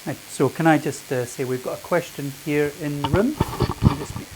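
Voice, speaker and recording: A man's voice: fairly high pitch, moderate pace, heavy background noise. Chatty man telling anecdotes. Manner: chatty, anecdotal, frequent restarts. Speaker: panel speaker. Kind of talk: public talk answering questions. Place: meeting room with audience.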